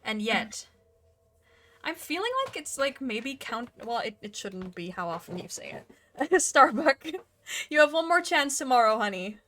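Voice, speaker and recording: A woman's voice: sits high, big pitch swings, a little slow, a bit bright, a little hiss or hum. A woman hosting a live tabletop game stream, chatting casually and narrating, with frequent laughter and self-mocking asides. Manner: giggly, rambling, self-mocking. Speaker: dungeon master and stream host.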